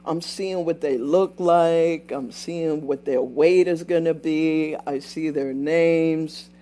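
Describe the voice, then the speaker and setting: An older woman with a deep, warm voice speaks slowly and fairly evenly while hosting a casual livestream. Her storytelling is chatty and repetitive, and she keeps breaking off to answer and thank the people watching.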